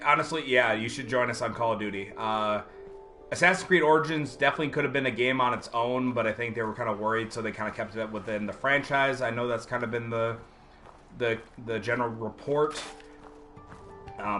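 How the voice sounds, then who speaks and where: A man's voice: mid-range voice, bright, forceful tone, a little hiss or hum. A man streaming a video game live, chatting casually and rambling with many fillers while answering viewers.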